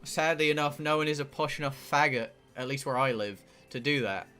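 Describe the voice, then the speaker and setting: A British man reads out a game's story text and chats with his stream audience in between. His voice is bright and forward, and his talk is joking and rambling, with stumbles over words as he reads. Faint music plays in the background. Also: mid-range voice, fairly quick, clean tone. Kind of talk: live-streamed game playthrough, reading aloud and chatting.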